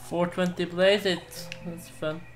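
A young man co-commentating a game, quietly dropping dry, teasing one-liners. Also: high-pitched, little pitch movement, takes it slowly, soft background music. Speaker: co-host player. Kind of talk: casual let's-play commentary.

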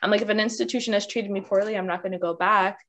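A woman's voice: mid-range voice, fairly even intonation, fast talker, a bit bright. A woman speaking as a panelist in a candid discussion, passionate and outspoken. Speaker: workshop panelist.

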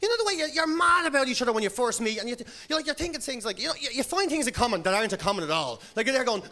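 An Irish man doing a stand-up routine in a comedy club, animated and laughing as he acts out quotes. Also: very high voice, very fast. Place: comedy club with live audience. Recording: loud audience laughter, background noise.

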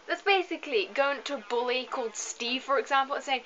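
A woman's voice: high voice, a little fast, sharp tone, slight background noise. A young woman, tired, chatting casually through a game video and joking at her own stumbles over hard words. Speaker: let's play host. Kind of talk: casual gameplay commentary. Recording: slightly dull lo-fi recording.

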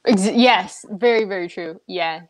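A chatty woman hosts a casual book discussion, often laughing lightly between points. Her voice sits at an ordinary middle pitch. The recording is dry and close. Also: unhurried, dry recording.

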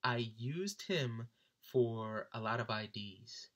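A young adult man casually telling a concert story, animated and laughing often as he mimics his friends. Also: mid-range voice, slow pace. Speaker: vlogger recounting a concert.

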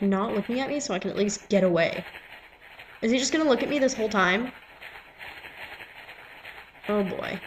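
A woman hosting a gaming video gives casual let's-play commentary, chattering in exasperation and chanting along with the action as game music plays behind her. Her voice is medium-pitched and a bit bright, and the low-quality recording carries a little hiss or hum.

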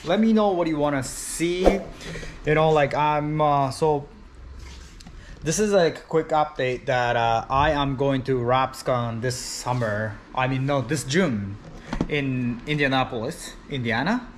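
A man's voice: medium pitch, a little slow, background noise. A man who wraps cars, narrating his shop work casually with many fillers and restarts. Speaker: vinyl wrap installer. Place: workshop.

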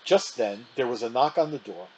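Animated man reading aloud. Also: medium pitch, normal speed, slight background noise, low-quality recording. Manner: animated storytelling. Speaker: storyteller. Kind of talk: reading a children's book aloud.

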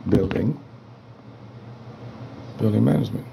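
A man in his apartment, ranting with a low, gravelly voice that barely moves in pitch. He is agitated and swears constantly, circling back and repeating himself. A steady hiss of noise sits under the home recording. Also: unhurried, poor audio. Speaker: tenant vlogger. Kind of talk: angry rambling rant. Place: apartment indoors.

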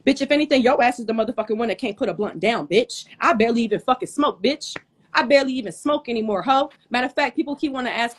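A woman with a fairly high voice rants on a live stream, furious, profane and confrontational. She is worked up, hot and sweating, and she keeps hammering her point straight into her phone. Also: fast talker, husky. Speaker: livestream host. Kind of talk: heated livestream rant.

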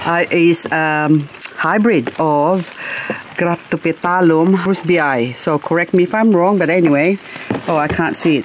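A woman's voice: sits low, a little hiss or hum. An Australian woman vlogging casually as she walks around her garden in the rain, rambling and talking to her plants. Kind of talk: casual vlog chat while walking.

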